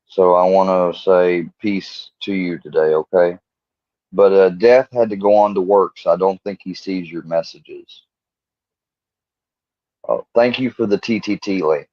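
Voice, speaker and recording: A man's voice: low voice, a little slow, pauses often, no echo, lo-fi sound. A man hosting a casual livestream, rambling chattily and talking to viewers in the chat. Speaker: livestream host.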